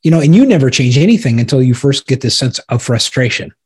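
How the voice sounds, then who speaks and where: Husky-voiced man, earnest podcast co-host. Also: mid-range voice, lively intonation, fast, darkish tone. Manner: earnest, rambling with fillers and restarts. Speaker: podcast co-host and executive coach. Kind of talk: casual podcast conversation.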